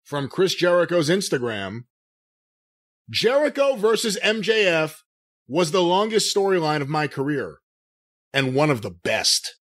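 A man co-hosting a podcast, reading out quotes and listener questions in an animated, jokey way. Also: fairly high pitch, measured pace. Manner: animated, jokey, laughs easily. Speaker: podcast co-host.

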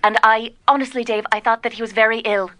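A worried, pitying social worker, played by a woman pours out her story. Her voice is fairly high and bright, recorded dry and close. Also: steady tone, fast, no room sound, close to an everyday voice. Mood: earnest. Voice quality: earnest, pitying, breathless storytelling. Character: earnest, worried female social worker caller. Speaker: caller. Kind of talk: improvised comedy sketch.

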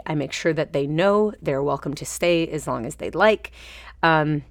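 Woman, podcast host, low voice, dry close sound, gentle, reflective, soft laughs. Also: no room sound. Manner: gentle, self-compassionate, playful imagery with soft laughs. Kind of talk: reflective solo podcast talk.

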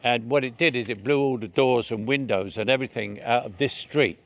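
An older man in his eighties with a Cockney accent chats through an interview in a relaxed, storytelling way. His voice sits at a middle pitch, with a faint hiss of noise behind it. He tells his anecdotes freely and often chuckles at his own jokes. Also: brisk. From South London, England. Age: 80s. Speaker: interviewee, actor. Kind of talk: casual interview chat.

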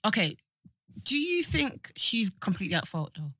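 A woman's voice: mid-range voice, sing-song, normal speed, sharp tone, breathy edge, no room sound. A young woman, a podcast co-host, chatting bluntly and emphatically about a reality show. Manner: blunt, emphatic, swears casually. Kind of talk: casual chat reviewing a reality show.

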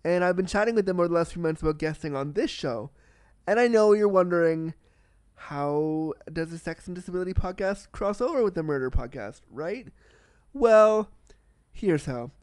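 A man hosting a solo podcast in a casual, candid and excitable way, swearing freely and talking with a slight cold. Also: sits high, moderate pace, clear, resonant tone, dry recording, clean studio sound. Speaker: podcast host.

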